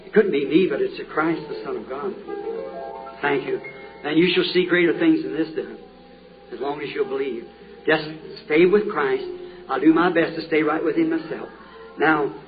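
A man preaching a healing revival sermon, fervently putting questions to the crowd again and again. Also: on the high side. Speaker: evangelist preacher. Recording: tinny lo-fi old tape.

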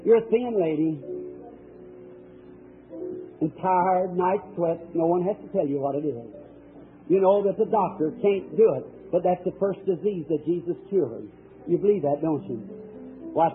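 A man's voice: high voice, normal speed, faint music behind. Fervent preacher man on a tinny old recording. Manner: fervent, emphatic, calls out to people in the audience. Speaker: evangelist preacher. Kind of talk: healing service sermon.

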